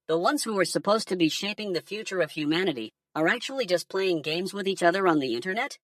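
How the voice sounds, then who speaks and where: A woman's voice: on the low side, dry recording, studio quality, far from the mic, natural voice. A woman voicing a laid-back, stoned alien conspiracy theorist who rambles and swears casually in a comedic monologue. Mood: conspiratorial.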